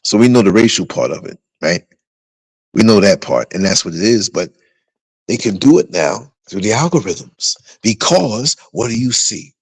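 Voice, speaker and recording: Animated man hosting a livestream. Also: fairly low pitch, moderate pace, husky, no echo, poor audio. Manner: animated, rambling storytelling. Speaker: livestream host. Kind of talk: casual livestream commentary.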